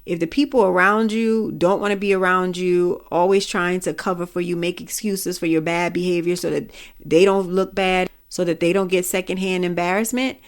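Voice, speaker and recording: A middle-aged woman hosts a podcast and speaks her mind in a candid, blunt monologue. Her voice sits low and carries a gravelly fry. She swears now and then. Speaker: podcast host. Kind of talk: casual opinion monologue.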